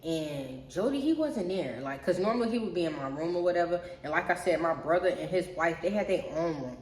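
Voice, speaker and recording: A young woman with a slightly low voice spins a casual storytime for her channel, loose and profane, forever turning to her viewers. The sound has a noticeable roomy echo around it. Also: lively intonation, brisk, a little mellow, a little hiss or hum. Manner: chatty, profane, keeps addressing viewers as y'all. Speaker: storyteller vlogger.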